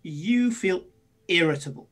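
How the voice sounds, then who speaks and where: Guy narrating a tabletop game as gm, kinda high voice, loose and chatty, lots of ums. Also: lively intonation, measured pace, fairly bright tone. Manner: casual, chatty, many fillers. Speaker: game master.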